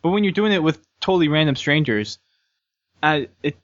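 A man's voice: on the high side, lively intonation, normal speed. A man in a casual gaming chat, talking in an easygoing way and chuckling. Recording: dull lo-fi sound.

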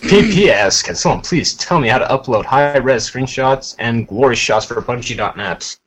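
A man with a husky voice chimes in on a casual gaming podcast. He tosses in quick jokes and teasing asides between the readings. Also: mid-range voice, lively intonation, fairly bright tone, poor audio. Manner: jokey interjections and laughter. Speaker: podcast co-host. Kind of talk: casual chat.

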